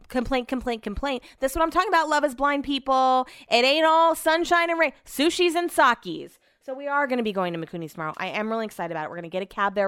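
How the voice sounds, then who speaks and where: A woman's voice: medium pitch, a bit bright, clear, resonant tone, no room sound, studio quality. A woman telling a casual story monologue, chatty and blunt, swearing freely as she retells back-and-forth conversations.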